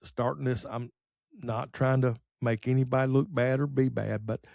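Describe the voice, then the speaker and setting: A middle-aged man telling rambling, folksy stories on a podcast, full of pauses and fillers. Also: medium pitch, steady tone, vocal fry, a little mellow, no room sound. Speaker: podcast host. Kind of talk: casual storytelling.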